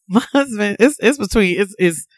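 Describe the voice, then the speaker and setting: A woman co-hosting a podcast, telling a story with animated delivery, laughing and acting out quotes. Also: medium pitch, slow pace, dry recording. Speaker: podcast co-host. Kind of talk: casual storytelling chat.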